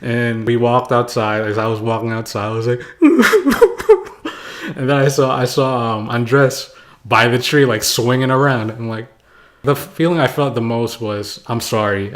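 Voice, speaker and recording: A young man tells a story from his childhood straight to his viewers. He rambles along casually, dropping "like" and chuckling often. His voice sits at an ordinary, middle pitch for a man. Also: expressive, measured pace. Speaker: vlogger.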